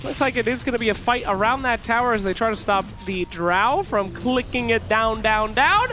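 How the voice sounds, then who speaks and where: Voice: mid-range voice, animated, normal speed, bright, forceful tone, soft background music. A play-by-play caster calling a live video game match on a headset, joking and irreverent in banter with a co-caster.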